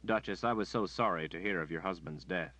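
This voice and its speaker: A man's voice: low-pitched, fairly quick, sharp tone. A man playing a flustered earnest young hero. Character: earnest young male woods guide, flustered.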